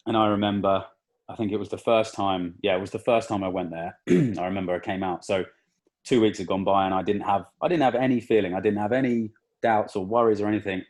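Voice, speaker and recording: A young man with a lowish voice talks through a painful memory as a podcast guest. He stops and restarts often, his words catching with emotion. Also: darkish tone. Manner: halting, with many restarts and fillers, emotional. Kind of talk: emotional personal story in casual conversation.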